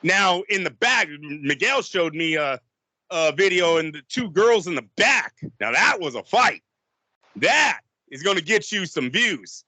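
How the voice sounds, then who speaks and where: A man co-hosting a boxing podcast, chatting casually and laughing through animated, rambling retellings. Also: sits high, measured pace, no room sound. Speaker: podcast co-host.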